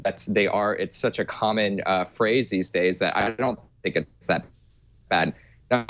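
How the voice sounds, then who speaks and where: Deep-voiced, hesitant male panelist. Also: fairly bright tone. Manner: hesitant, many fillers and restarts. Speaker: panel guest. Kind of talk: casual opinion on a talk panel.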